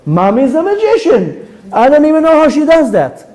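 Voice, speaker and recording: Man doing a wide-eyed eleven-year-old girl, high-pitched and amazed. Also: very animated, moderate pace, warm tone. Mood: marveling. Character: awed eleven-year-old girl marveling at her father.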